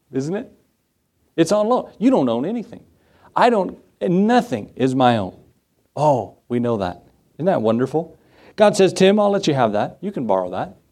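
A man's voice: on the high side, dark tone. A male pastor preaching a sermon conversationally, repeating key phrases for emphasis and adding humorous asides.

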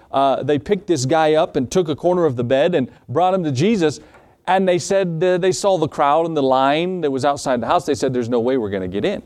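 A man's voice: medium pitch, darkish tone. A man preaching a sermon, telling a scripture story in a folksy way and acting out the characters' voices. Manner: folksy storytelling, acts out voices, asks the congregation questions. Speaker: pastor.

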